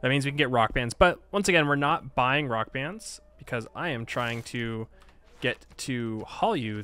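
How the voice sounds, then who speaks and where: A man's voice: medium pitch, a bit bright, clear, resonant tone. A man giving casual Let's Play commentary on a strategy game, chatty and self-mocking, often talking back at the game.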